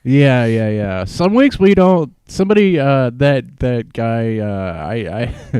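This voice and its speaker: A man's voice: medium pitch, lively intonation, slow, a little mellow, smooth, no room sound. A man co-hosting a casual comedy podcast, rambling with many fillers and restarts and laughing often at his own jokes. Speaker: podcast co-host. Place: home recording with a video stream and live chat.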